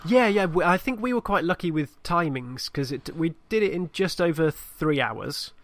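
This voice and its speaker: A young man co-hosting a gaming podcast who tells a story in a lively, casual way and acts out voices. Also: on the high side, moderate pace, no echo. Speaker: podcast co-host. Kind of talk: casual chat recounting a game session.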